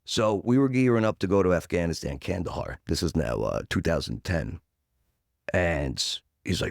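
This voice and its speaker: Speaking at a moderate pace with a creaky voice, a man in his forties guests on a podcast and animatedly acts out quotes in a punchy story, dropping "boom" throughout. The recording is dry and studio quality.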